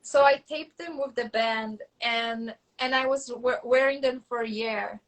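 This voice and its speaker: A woman guest in a casual interview tells stories animatedly, full of fillers and restarts, and acts out quoted dialogue. Her voice is a little high and unhurried, and the recording is rough.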